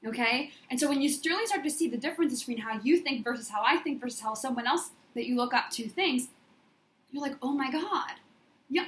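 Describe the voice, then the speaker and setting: A woman's voice: high-pitched, echoey room. A woman business coach giving an emphatic, repetitive motivational monologue in affirmation style.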